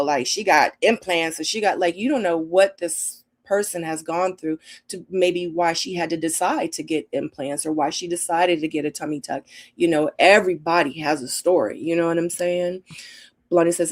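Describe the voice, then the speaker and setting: Animated middle-aged woman hosting a live chat. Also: lowish voice, normal speed. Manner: animated and emotional, acts out her own quotes with laughter. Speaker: livestream host. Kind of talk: casual live Q&A chat reading comments.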